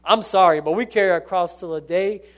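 A man's voice: sits high, brisk, fairly bright tone. A man preaching a sermon in an earnest way, repeating phrases and often restarting.

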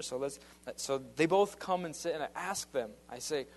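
A man's voice: mid-range voice, lively intonation, fairly quick, few pauses. A man giving a casual, earnest spoken testimony as a youth minister, rambling with many fillers and restarts.

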